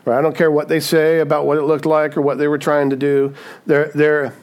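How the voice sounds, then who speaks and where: Preaching man, higher-pitched voice. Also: completely flat delivery, a little fast. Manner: conversational preaching, rhetorical "right?" tags; acts out quoted voices. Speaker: pastor. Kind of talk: sermon.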